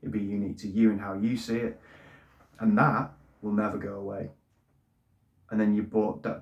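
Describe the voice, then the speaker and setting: Man, middle-aged, low pitch, repeats words, casual monologue, roomy echo. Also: darkish tone. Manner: plain-spoken, repeats words when emotional. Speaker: football fan channel host. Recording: echoey room.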